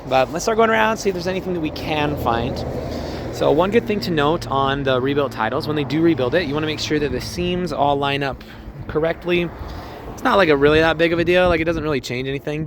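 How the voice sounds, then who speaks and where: A friendly car salesman with a slightly high voice talks casually and laughs often as he walks around a truck. His voice is a little hoarse from use. The phone recording has clear outdoor background noise. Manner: chatty, upbeat, laughs often. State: voice a bit hoarse. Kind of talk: casual vehicle walkthrough. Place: outdoors on a car lot in cold weather.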